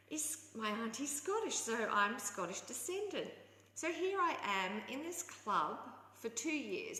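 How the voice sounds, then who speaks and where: A woman sharing a heartfelt spiritual story in an earnest, meandering way, often restarting phrases and letting them trail off softly. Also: medium pitch, reverberant, big-room sound, a little hiss or hum.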